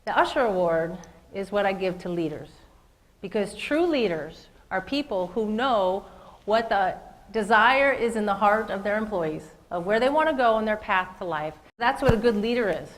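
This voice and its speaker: A woman's voice: mid-range voice, expressive, moderate pace, rough recording. A woman giving a motivational keynote speech, speaking earnestly and directly to her listeners. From lives in Las Vegas.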